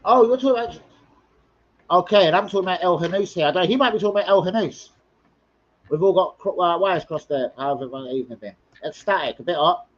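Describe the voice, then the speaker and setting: A man's voice: sits high, quick pace, highs cut off. A man hosting a casual football live stream, rambling, swearing freely and bantering with viewers as he reads comments.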